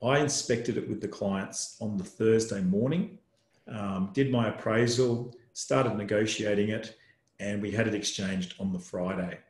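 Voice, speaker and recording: A man's voice: lowish voice, unhurried. Man hosting a property webinar. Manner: conversational, frequent um fillers. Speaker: buyer's agent and webinar host. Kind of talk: casual webinar presentation. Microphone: video call. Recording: echoey room.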